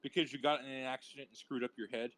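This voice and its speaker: A man's voice: medium pitch, fairly even intonation, fast talker, noisy background. A man playing the party host in an improv game, throwing out incredulous guesses about his guests. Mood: guessing. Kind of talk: improv comedy.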